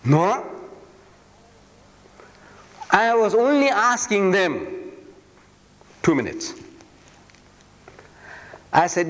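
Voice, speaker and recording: A man's voice: high-pitched, big pitch swings, very slow, long pauses. Emphatic man lecturing in hall. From South Africa. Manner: emphatic, rhetorical, repeats phrases for effect. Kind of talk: public lecture. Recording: long reverb of a lecture hall.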